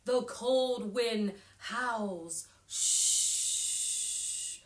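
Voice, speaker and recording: A woman children's librarian reading a picture book aloud at storytime, animated and expressive, with sound effects and whispered asides. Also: a little high, slow pace. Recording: echoey room.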